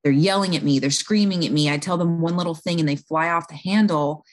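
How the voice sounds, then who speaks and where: A woman's voice: low-pitched, a little fast. A woman who works in home health, earnestly explaining a patient story in a conversation, with fillers and restarts along the way.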